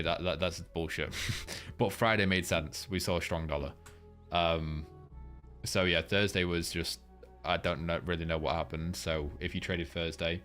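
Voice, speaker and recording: Low-voiced man rambling through market talk. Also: a bit bright. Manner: loose and rambling, swears freely, many fillers. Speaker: trading livestream host. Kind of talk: casual live market commentary, reading chat.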